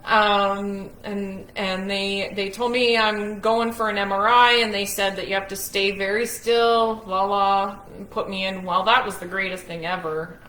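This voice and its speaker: A woman's voice: mid-range voice, flat delivery, measured pace, few pauses, noisy background. A woman telling her own story to the camera at home, speaking bluntly and without shame. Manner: candid, blunt, unashamed. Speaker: person recounting her own ordeal. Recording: roomy echo.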